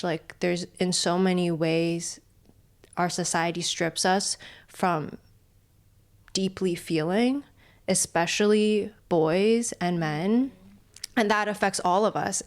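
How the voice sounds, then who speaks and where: A woman's voice: lowish voice, vocal fry. A woman guest on a podcast, talking casually and reflectively, laughing often and speeding up when she retells a story. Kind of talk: casual chat.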